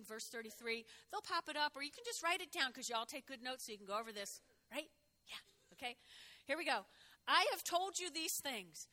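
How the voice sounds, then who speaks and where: A woman pastor preaching a lively sermon, calling out to the congregation and prompting them to repeat after her. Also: sits high. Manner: lively, call-and-response with congregation, exclaims.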